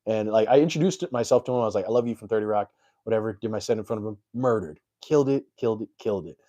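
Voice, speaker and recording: Rambling, self-deprecating young comedian with a low, mellow voice. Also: male voice, rapid-fire. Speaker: comedian and live streamer. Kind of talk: casual live stream storytelling.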